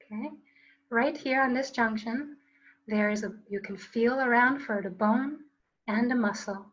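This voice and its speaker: A woman's voice: on the high side, unhurried, a bit bright, highs cut off. A woman teaching a qigong class online, coaching students in an upbeat, playful way with call-and-response phrases. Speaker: qigong instructor.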